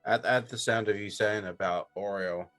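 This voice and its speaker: A man's voice: lowish voice, steady tone, moderate pace, a bit bright, faint music behind. A man playing a tabletop game, describing how his character reacts. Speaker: player.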